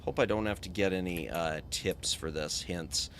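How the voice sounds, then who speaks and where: A man's voice: low voice, normal speed, a bit bright, slight background noise. A man streaming a video game as a VTuber, chatting casually, thinking aloud and thanking his chat.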